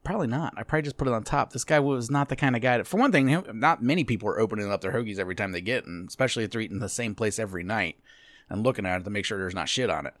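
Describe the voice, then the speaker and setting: A man's voice: lowish voice, lively intonation, rapid-fire, fairly bright tone, dry recording. Profane rambling podcast host man. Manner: loose, rambling, laughing, heavy swearing. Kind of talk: casual profane chat.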